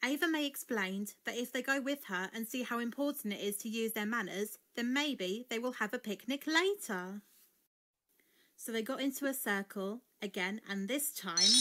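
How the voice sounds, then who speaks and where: A woman narrating a children's storybook in an expressive read-aloud style. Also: a little high.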